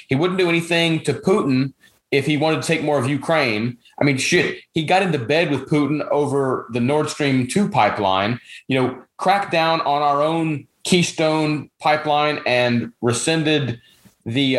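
A man's voice: a little high, measured pace, reverberant. A man hosting a political talk show, blunt and opinionated, with frequent fillers. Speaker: podcast host. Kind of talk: political chat.

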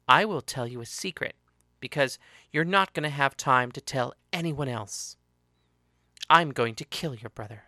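A ruthless young woman fighter speaks in a low, controlled, quietly menacing voice, as a male reader puts her on. The tone stays bright and forceful, and the sound is dry and close. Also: normal speed, no echo.

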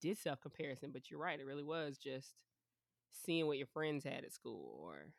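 A woman's voice: deep voice, very animated, moderate pace, creaky, no echo. A woman in her twenties co-hosting a podcast in a studio, blunt and profane, telling stories with laughter. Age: 20s. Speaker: podcast co-host. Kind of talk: casual chat.

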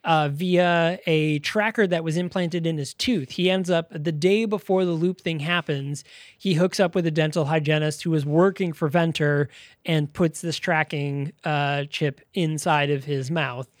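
A man's voice: a little high, unhurried, no room sound, clean studio sound. A man co-hosting a podcast, chatting casually about a movie and retelling scenes with quoted lines. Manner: animated scene retelling with acted-out quotes and laughs. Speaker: podcast co-host. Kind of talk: casual movie review chat.

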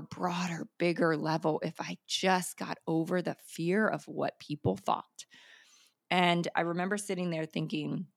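Brief: middle-aged woman, low voice, dry close sound, emphatic podcast storyteller. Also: vocal fry, no room sound. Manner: energetic, emphatic, many fillers. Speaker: podcast host and coach. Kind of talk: personal storytelling monologue.

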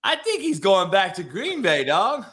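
A man's voice: high voice, huge pitch swings, unhurried, a bit bright. A man hosting a casual sports talk show, laid-back, swearing freely and restarting his sentences. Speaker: podcast host.

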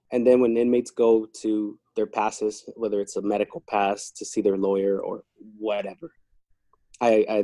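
Man, corrections officer type, laid-back chatty storyteller, husky warm tone, dry close sound. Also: fairly low pitch, no room sound. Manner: relaxed, chatty, talks through work stories. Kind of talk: casual interview storytelling.

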